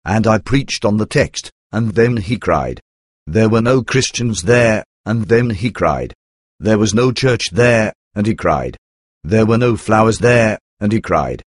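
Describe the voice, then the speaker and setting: Low-voiced man reading a memoir. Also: lively intonation, a little slow, no echo. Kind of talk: scripted first-person memoir narration.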